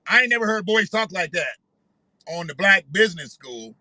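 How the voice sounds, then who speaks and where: A man's voice: high-pitched, expressive, moderate pace, sharp tone, no echo, rough recording. A man hosting a casual reaction commentary, joking and talking loosely with some profanity. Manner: laughing, joking, loose and profane street talk. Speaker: commentary vlog host.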